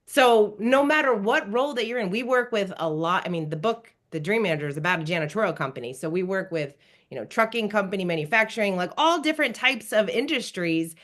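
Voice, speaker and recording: A woman's voice: mid-range voice, brisk. Woman, podcast guest, enthusiastic, conversational. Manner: enthusiastic, animated when retelling dialogue. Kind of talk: conversational interview storytelling.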